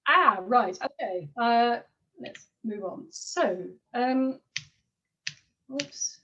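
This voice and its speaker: A woman giving an online academic seminar, hesitant, with frequent fillers and quick apologies as she juggles her slides. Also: on the high side, lively intonation, bright, forceful tone, dull audio. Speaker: linguistics lecturer.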